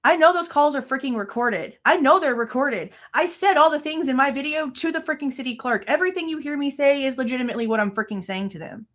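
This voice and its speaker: A woman's voice: sits high, animated, fast, hardly any pauses, fairly bright tone. A woman in her thirties hosting a true crime livestream, venting angrily with frequent swearing in casual commentary.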